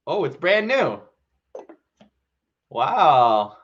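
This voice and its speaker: A man's voice: fairly high pitch, very animated, very slow, a bit bright, slightly rough. A young man chatting playfully in a casual vlog and reading his own writing aloud. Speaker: vlogger. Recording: slightly dull lo-fi sound.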